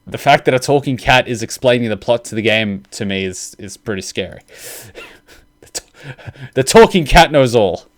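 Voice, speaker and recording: An excitable man reacting to game trailers, gushing and swearing like a big fan. His voice sits mid-range, and the sound is dry and close. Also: medium pitch, moderate pace, dry recording. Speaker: reaction video host. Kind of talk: casual reaction commentary.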